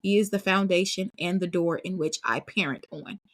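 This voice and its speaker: A woman's voice: on the low side, normal speed, fairly bright tone. A woman in her thirties hosting a solo podcast, speaking earnestly and with emphasis, often addressing her listeners as y'all. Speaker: podcast host. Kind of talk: casual solo podcast talk.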